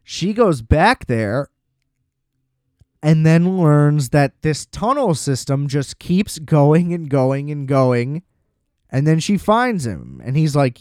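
A man's voice: a little high, expressive, slow pace, a little mellow, smooth, dry recording, studio quality. A man casually recapping a film plot in a loose, chatty way, full of "like" fillers and blunt swearing. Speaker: film reviewer.

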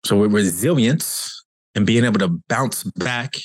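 Earnest low-voiced man coaching. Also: a little slow, no room sound. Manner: earnest, conversational, repeats himself for emphasis. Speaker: cancer coach and podcast host. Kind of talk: reflective motivational monologue.

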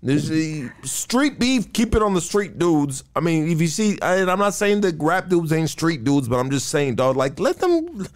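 A man hosting a call-in podcast, joking and trash-talking callers in street slang, ranting loudly at times. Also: a little high, normal speed, hardly any pauses. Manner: profane, joking street slang, says "dog" constantly; gets loud and animated when ranting. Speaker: podcast host taking calls. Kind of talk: casual call-in podcast banter.

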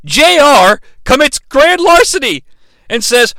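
A man's voice: high-pitched, moderate pace, pushed and bright, clear, resonant tone, dry recording, studio quality. A man hosting a podcast, reviewing a wrestling match solo in a profane, sarcastic, mock-outraged way. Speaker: podcast host.

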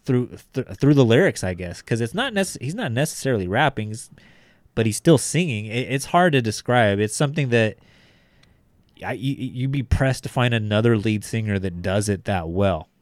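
A man's voice: medium pitch, expressive, moderate pace, no room sound. A man in a casual music discussion who rambles, swears freely and fills his talk with "like".

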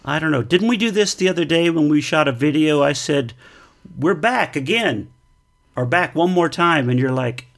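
A man's voice: on the high side, lively intonation, creaky. Joking, playful man in casual chat. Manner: joking, playful, quick with puns. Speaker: podcast co-host.

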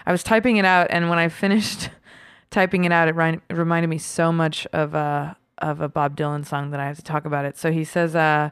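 A woman co-hosting a podcast in casual chat, laughing often and filling pauses with ums. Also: low-pitched, little pitch movement, clear, resonant tone, no echo, studio quality. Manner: chatty, laughs often, many fillers. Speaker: podcast co-host.

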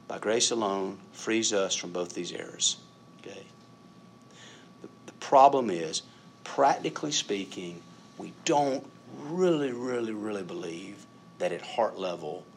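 A middle-aged man preaching a sermon in a conversational, self-deprecating way, laughing at himself and rising to loud emphatic peaks. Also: deep voice, expressive, a little slow, gravelly, a little hiss or hum. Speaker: pastor.

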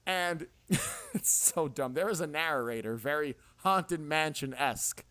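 A man with a slightly higher voice hosts a casual podcast chat. He retells scenes with lots of laughter and lively energy. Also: measured pace. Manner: laughs often while retelling scenes, animated. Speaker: podcast host.

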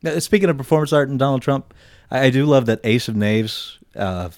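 A man's voice: mid-range voice, a little fast, darkish tone, no room sound, studio quality. A man co-hosting a casual podcast chat, talking in an easygoing, enthusiastic way. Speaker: podcast co-host.

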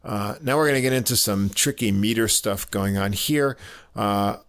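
A man giving a casual spoken review of a jazz album, halting with many fillers and little chuckles. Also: on the low side, fairly bright tone.

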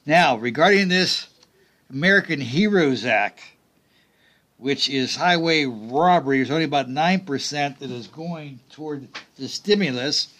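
A man's voice: on the high side, animated, unhurried, a bit bright. A middle-aged man hosting a political talk radio show, delivering emphatic commentary with sarcastic, mocking asides.

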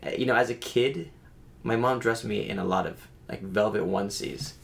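A man's voice: lowish voice, moderate pace, vocal fry, a bit bright. A man from the American South, co-hosting a podcast with a teasing, jokey manner. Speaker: podcast co-host. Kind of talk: casual chat.

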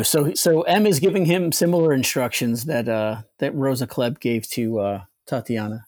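A podcast guest making wry, quick remarks in casual film chat. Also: medium pitch, darkish tone, dry recording.

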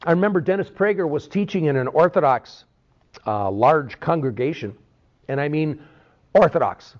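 A man teaching a Bible sermon in an animated way, often checking in with "okay?". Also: a little high. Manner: animated, peppers talk with "okay?". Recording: dull lo-fi recording.

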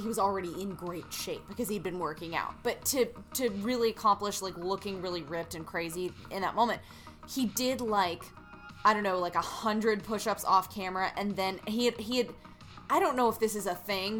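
A woman's voice: medium pitch, a bit bright. A woman co-hosting a podcast, telling stories casually with lots of fillers. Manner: rambling, filler-heavy storytelling. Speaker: podcast co-host. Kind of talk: casual chat.

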